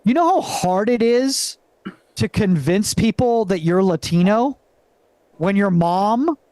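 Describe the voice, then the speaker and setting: A young man from Venezuela doing a live stand-up set in a comedy club. He talks in a halting way, full of fillers and restarts. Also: high-pitched, animated, darkish tone, no echo.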